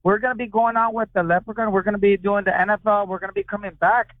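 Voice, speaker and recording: A man's voice: sits high, fairly even intonation, fast talker, no room sound. A man calling in to a radio show, brash and hyped up. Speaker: caller. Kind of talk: call-in radio chat. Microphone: telephone. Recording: phone line, dry.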